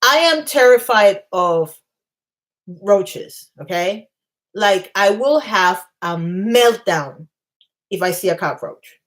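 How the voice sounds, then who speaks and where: A woman casually telling self-mocking, animated stories to a live chat. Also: mid-range voice, takes it slowly. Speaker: channel host.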